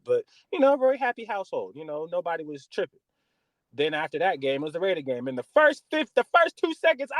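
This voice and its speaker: A man's voice: mid-range voice, no room sound. A man from the US West Coast hosting a podcast, ranting about football with lots of swearing. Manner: animated, profane sports rant. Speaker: podcast host. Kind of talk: casual sports podcast chat.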